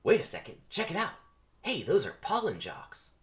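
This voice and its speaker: A man performs the voice of a questioning, incredulous young male bee, pitching it above his own natural voice and acting it heavily. The voice sits high and a bit bright, its pitch swooping wildly at a normal speed.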